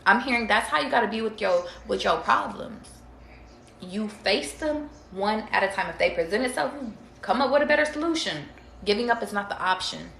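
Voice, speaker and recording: A woman's voice: medium pitch, lively intonation, a little fast, vocal fry, fairly bright tone, slight background noise. Slangy, chatty woman in a roomy echo. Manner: chatty, slangy and profane, addressing viewers directly. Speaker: tarot reader. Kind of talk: casual livestream reading.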